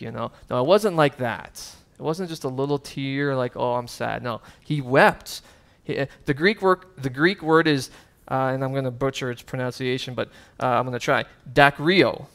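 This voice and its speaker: A man's voice: a little high, a bit bright. A man preaching a sermon as pastor, earnest and conversational, with casual asides and fillers.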